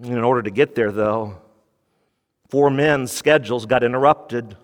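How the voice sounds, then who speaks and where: A man preaching a radio sermon, emphatic, dropping low for key points and rising when he quotes. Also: measured pace, long reverb tail. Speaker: pastor.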